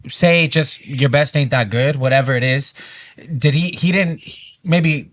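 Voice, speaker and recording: Male podcast host, casual and easygoing, mid-range voice, quick reactions and follow-up questions. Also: mid-range voice, dry recording. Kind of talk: casual chat.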